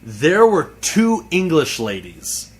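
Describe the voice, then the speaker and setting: A man's voice: a little high, very animated. Rambling young man in casual chat. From United States. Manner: rambling, halting, restarts a lot. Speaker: podcast co-host.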